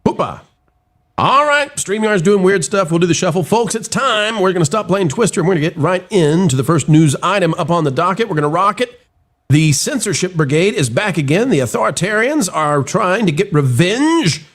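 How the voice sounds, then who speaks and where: Man, live stream host, news commentary, lively swooping pitch, slightly high voice, recovering from a cold. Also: a little fast. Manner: animated, theatrical delivery. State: getting over a cold. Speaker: show host.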